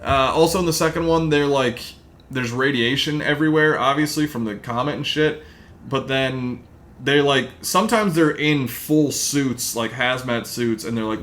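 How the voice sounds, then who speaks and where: A man's voice: mid-range voice, normal speed, a bit bright. Man rambling through a casual movie recap. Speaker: podcast host. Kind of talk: casual chat.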